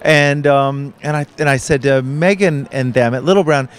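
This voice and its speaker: A man, an author and musician, chatting as an interview guest in a relaxed, self-deprecating way. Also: fairly high pitch, moderate pace, few pauses, clear, resonant tone. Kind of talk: casual interview chat. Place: conference booth, indoors.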